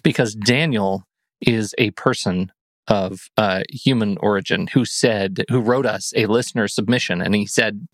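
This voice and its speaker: This podcast co-host is a man with a lowish, unhurried voice, recorded cleanly in a studio with no echo. He chats casually, rambling and poking fun at himself, and keeps restarting his sentences.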